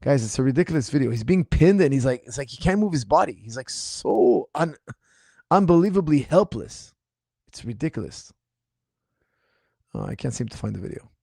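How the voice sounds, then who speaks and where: A man coaching martial arts who answers viewer questions in a casual livestream, speaking in an animated, incredulous and mocking way, his voice slightly strained. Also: a little high, moderate pace, creaky, pauses often, slightly rough, no room sound, studio quality.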